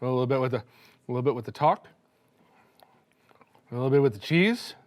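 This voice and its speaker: A young man hosting a cooking show, rambling and joking excitedly as he cooks and tastes in a studio kitchen. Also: mid-range voice, brisk. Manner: hyped, rambling, joking, laughing between lines. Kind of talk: casual on-camera cooking chatter.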